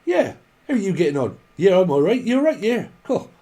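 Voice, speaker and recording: A man's voice: sits high, big pitch swings, brisk, dark tone, voice pushed up. A man voicing a chatty local man with a Cornish accent, trading cheery greetings in the street. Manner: broad, cheery, repetitive small talk.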